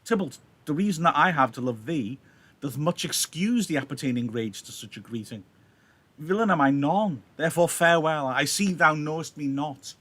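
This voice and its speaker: Man reading young Romeo, calm, placating, soft refusal, near-natural voice. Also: fairly high pitch, moderate pace. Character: gentle young male Romeo refusing a fight.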